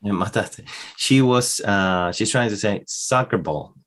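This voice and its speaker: Guy w argentine spanish accent, really low voice, stumbles and repeats himself, casual podcast chat. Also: fairly bright tone. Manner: halting, repeats words while searching. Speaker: podcast co-host.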